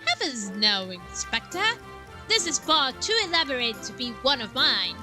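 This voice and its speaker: A woman's voice: sits high, big pitch swings, normal speed. A woman voicing a sly, courteous male explosives tinkerer with a mock-innocent manner over game music.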